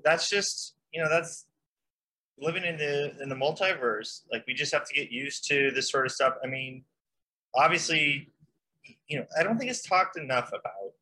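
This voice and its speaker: A man's voice: a little high, pushed and bright, slight background noise. A young man co-hosting a comedy podcast, explaining nonsense like a mock expert with rambling, filler-laden speech. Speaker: podcast co-host. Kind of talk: improvised comedy podcast chat.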